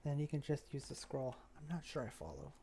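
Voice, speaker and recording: A man's voice: a little high, fairly even intonation, fairly quick, warm tone, a little hiss or hum. A man thinking aloud in a casual, rambling way as he builds a game map, often trailing off. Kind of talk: casual commentary while working.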